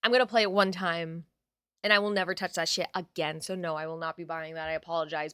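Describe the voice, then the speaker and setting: A woman's voice: on the low side, fairly even intonation, fast talker, sharp tone, clean tone, no room sound, studio quality. A young adult woman chatting casually on a live stream, reading out her chat and swearing now and then.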